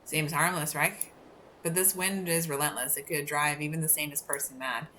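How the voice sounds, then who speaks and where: A woman voicing a gruff, suspicious old lighthouse keeper in a put-on Scottish accent, grumbling as she reads his lines. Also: sits low, steady tone, normal speed, sharp tone, a little hiss or hum. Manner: grumbling, shooing strangers off.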